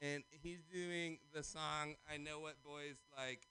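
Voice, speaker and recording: High bright excitable man doing stand-up. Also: slow, a little hiss or hum. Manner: loud, excitable, squealing bits and shouted asides. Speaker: stand-up comedian at an open mic. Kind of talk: stand-up comedy set.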